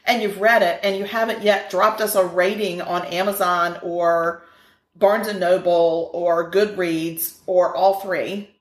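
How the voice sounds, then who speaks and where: A woman's voice: on the low side, fairly even intonation, unhurried. A woman co-hosting a podcast, chatting casually and giggling through playful banter. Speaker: podcast co-host. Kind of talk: casual chat. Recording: roomy echo.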